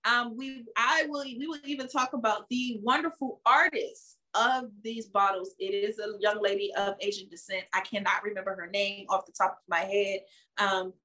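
Chatty, bright-voiced woman podcast co-host. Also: medium pitch, poor audio. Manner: chatty and laughing, drawn-out sign-offs. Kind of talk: casual chat.

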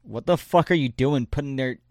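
A man's voice: mid-range voice, a little fast, a little mellow, no echo. Profane laid-back young man, dry sound. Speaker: podcast co-host. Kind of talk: casual chat.

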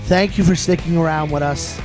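A man's voice: on the high side, fairly even intonation, a little fast, over music. A man co-hosting a podcast, running a food draft in joking, exasperated banter. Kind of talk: casual banter.

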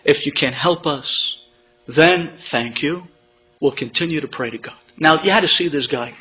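A man telling an inspirational personal story, pausing for effect and acting out what others said. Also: fairly high pitch. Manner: emotional, dramatic pauses, acts out quotes. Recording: dull lo-fi with mains hum.

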